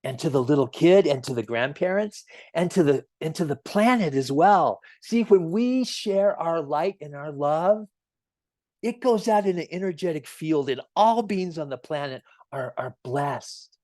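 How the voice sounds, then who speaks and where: A man giving a gentle, earnest sermon as a minister, telling stories at an easy pace with emphatic swells. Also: a little high, animated, unhurried, no echo, studio quality. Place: church sanctuary.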